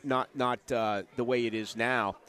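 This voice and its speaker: A middle-aged man from Boston chatting casually about sports, telling animated stories with lots of restarts. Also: medium pitch, a little slow. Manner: animated storyteller, restarts often, acts out quotes.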